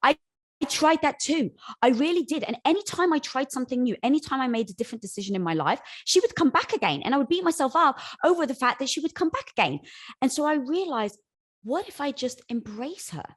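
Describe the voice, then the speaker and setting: A woman's voice: high voice, lively intonation, fast talker. A woman interview guest speaking in an earnest, encouraging way. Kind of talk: conversational interview.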